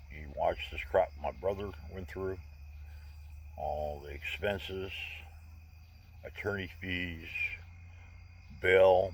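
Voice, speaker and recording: A man's voice: deep voice, vocal fry, breathy edge. A man in his sixties telling personal stories in a candid, rambling way, with wry humor. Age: 60s. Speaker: vlogger. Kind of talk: casual personal storytelling.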